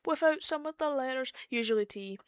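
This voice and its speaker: A woman's voice: high-pitched, lively intonation, fairly quick, clear, resonant tone, dry recording. Chatty Scottish woman, dry close sound. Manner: chatty, explains with restarts and fillers. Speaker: streamer. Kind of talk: casual chat on a voice call.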